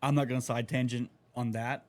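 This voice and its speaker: A man's voice: medium pitch, fairly quick. A man, co-hosting a podcast and riffing in a profane, ranting way. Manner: ranting, profane, animated tangents. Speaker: podcast co-host. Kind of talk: casual chat.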